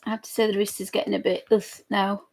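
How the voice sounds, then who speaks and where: Chatty woman with a gravelly voice. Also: medium pitch, level tone, fast talker, a little mellow. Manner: chatty and giggly, rambling. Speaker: digital artist streamer. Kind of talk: casual chat while drawing live.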